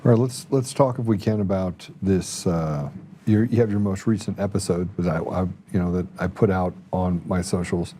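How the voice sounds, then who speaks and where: Rambling male podcast host, mellow voice. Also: deep voice, fairly even intonation, moderate pace, slight background noise. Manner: rambling storytelling with restarts. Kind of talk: casual political talk.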